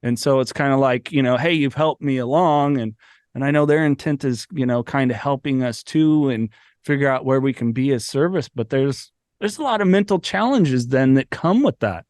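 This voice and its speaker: A man's voice: medium pitch, normal speed, darkish tone, no room sound. A man speaking frankly in casual podcast talk, laughing as he admits doubts. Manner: frank, laughs while talking. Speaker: sober father on a recovery podcast. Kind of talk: casual conversation.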